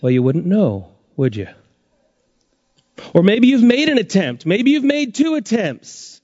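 A man preaching a sermon as pastor, his pitch rising and dropping sharply for emphasis. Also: big pitch swings, a little slow, dark tone, dry recording, lo-fi sound.

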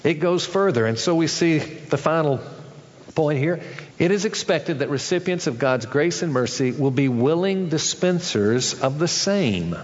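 A man's voice: lively intonation, measured pace, muffled recording, slight background noise. Man preaching a sermon in a hall. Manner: acts out characters in a story, shifting pitch for each. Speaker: pastor.

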